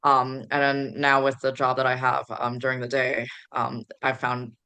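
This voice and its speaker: A woman's voice: extremely low pitch, completely flat delivery, moderate pace, pushed and bright, smooth. A woman from the Chicago area, a podcast guest, rambling through stories with many fillers. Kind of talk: casual podcast chat.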